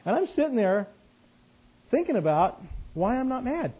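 A man telling a personal story in a conversational sermon, animated and self-deprecating, his voice jumping up high when he gets excited. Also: normal speed, pauses often, breathy edge. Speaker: speaker, Christian teacher. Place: West Coast of the US.

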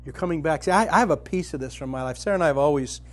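Middle-aged man preaching a heartfelt sermon. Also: racing. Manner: storytelling, grows animated and loud when dramatizing, soft and low when tender.

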